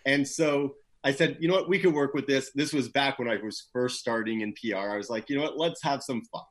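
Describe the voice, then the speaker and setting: Husky-voiced man telling stories casually. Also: mid-range voice, fairly quick. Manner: laid-back, animated when telling stories, many "you know" fillers. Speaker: guest, PR professional. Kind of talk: casual interview storytelling.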